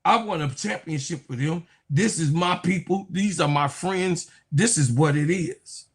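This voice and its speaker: Man, sports reaction commentary, slightly high voice, slangy, mocking, animated. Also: measured pace, breathy edge.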